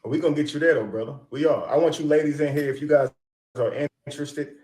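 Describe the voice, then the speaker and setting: A man hosting an interview show, talking in an animated, encouraging way. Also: fairly high pitch, fast, reverberant. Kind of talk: casual interview chat.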